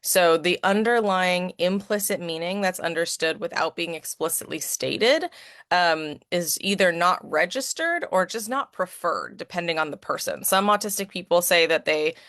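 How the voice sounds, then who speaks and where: A woman's voice: fairly low pitch, normal speed, fairly bright tone, no room sound, studio quality. A woman who is an advocate and educator giving a conversational presentation, often checking in with "right?". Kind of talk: presentation talk with slides.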